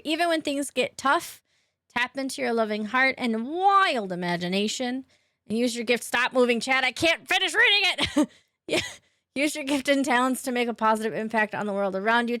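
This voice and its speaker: At home in her own room, a woman streams a game and chats casually with viewers, greeting them by name, laughing often and swearing offhandedly. Her voice is a little high with a sharp tone. The studio-quality recording has no room sound.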